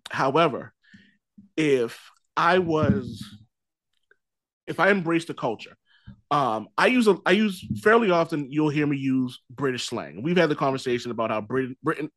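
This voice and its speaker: A man's voice: mid-range voice, lively intonation, moderate pace, fairly bright tone. A man hosting a casual podcast, rambling and often rephrasing himself, with casual swearing. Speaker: podcast host.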